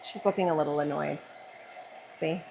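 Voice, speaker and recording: A woman's voice: low voice, steady tone, moderate pace, gravelly, noisy background. A woman artist talking through a live painting demonstration in a chatty way, thinking aloud with fillers. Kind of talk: live-streamed painting demo.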